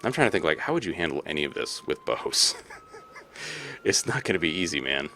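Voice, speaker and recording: A young man with a very low voice talks through his strategy out loud, chuckling and muttering to himself as he plays. His pitch swings widely between mumbles and excited bursts, with a faint hum of ambience behind him. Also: fairly quick. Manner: talks to himself, thinking aloud, laughs often. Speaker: let's play host. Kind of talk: casual gameplay commentary.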